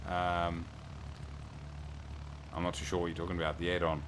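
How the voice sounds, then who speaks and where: Low-voiced New man chatting on stream. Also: completely flat delivery, moderate pace, noisy background. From New Zealand. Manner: chatty, reads viewer messages aloud and thanks them. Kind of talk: casual livestream chat.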